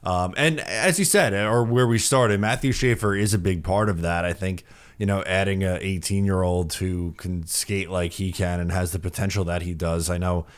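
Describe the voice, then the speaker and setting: A man's voice: low voice, fairly even intonation, normal speed. A man co-hosting a hockey podcast, talking in a rambling, upbeat way with plenty of fillers. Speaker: podcast co-host. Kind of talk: casual hockey podcast chat.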